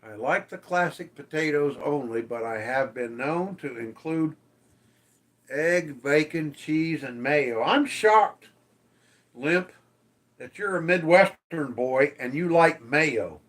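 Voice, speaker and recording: A man's voice: on the high side, lively intonation, takes it slowly, fairly bright tone. A man hosting a casual livestream, reading viewer comments aloud and teasing them, swearing freely. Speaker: livestream host.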